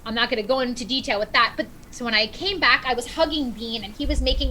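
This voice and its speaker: A middle-aged woman on a podcast, telling a personal story in animated, casual chat and acting out what people said. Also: fairly high pitch, quick pace, few pauses, slight background noise, low-quality recording. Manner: animated storyteller, acts out quotes. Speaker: podcast guest.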